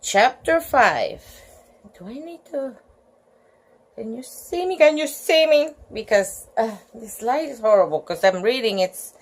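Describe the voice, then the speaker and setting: Lady reading a kids book at home late at night, slow, bouncy pitch, keeps giggling and chatting. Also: animated. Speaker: children's story reader. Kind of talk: casual read-aloud with chatty asides.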